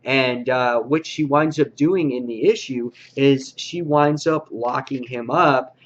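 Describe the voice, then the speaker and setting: Male comic reviewer, laid-back and filler-heavy, mid-pitched voice, muffled recording. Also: slow. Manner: casual, many "uh" fillers, loose rambling delivery. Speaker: comic book reviewer, host. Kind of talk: casual video review.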